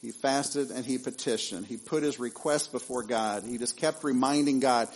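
A male pastor, preaching a sermon in a conversational way, with lively asides and repeated phrases. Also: medium pitch, moderate pace, few pauses, slightly rough, poor audio.

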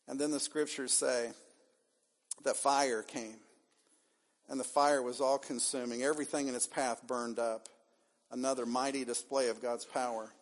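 A man's voice: medium pitch, steady tone, moderate pace. A man preaching a sermon as pastor, acting out the figures' lines with dramatic swings. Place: church sanctuary.

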